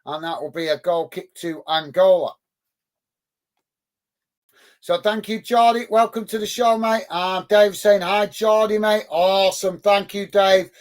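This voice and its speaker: A man with a high voice speaks at a measured pace, hosting a live football watch-along. He calls the play and upbeatly thanks chat viewers by name, reading chat between match commentary. He's on a close headset mic.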